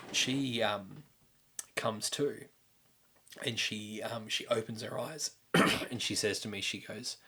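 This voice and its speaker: A man's voice: fairly low pitch, pushed and bright, slightly rough. A young man telling a personal story in a candid, rambling way, full of fillers and restarts. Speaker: podcast host.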